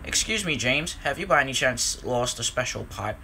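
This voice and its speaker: A man voicing an eager, kind-hearted young male engine in a storybook reading, talking in high, urgent exclamations. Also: expressive, normal speed, vocal fry, pushed and bright, slight background noise, full character voice. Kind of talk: storybook character voice.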